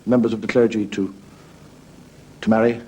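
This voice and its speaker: A man's voice: fairly low pitch, level tone, moderate pace, warm tone, slightly rough. A man voicing a timid nun asking a hesitant, stammering question. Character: timid hopeful nun, woman.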